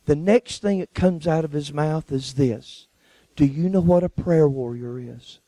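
A man's voice: fairly high pitch, a little slow, dark tone, no echo, rough recording. A man preaching, telling a personal story and acting out the people in it. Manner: folksy storyteller acting out quoted voices. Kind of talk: sermon testimony storytelling.

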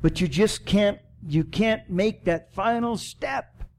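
A man preaching a sermon in church as pastor, swinging from loud emphatic preaching to soft, prayerful appeals. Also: high-pitched, takes it slowly.

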